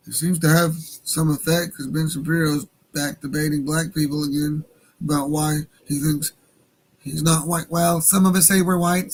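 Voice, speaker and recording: A man's voice: a little high, low-quality recording. A Native American man hosting a livestream radio show, talking casually in a rambling, profane way and laughing at his own jokes.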